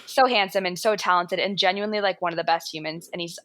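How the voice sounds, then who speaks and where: A woman with an American accent, a yoga instructor guesting on a podcast, talking in an animated way, swearing freely and laughing often. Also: on the low side, fast, no room sound. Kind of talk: podcast conversation.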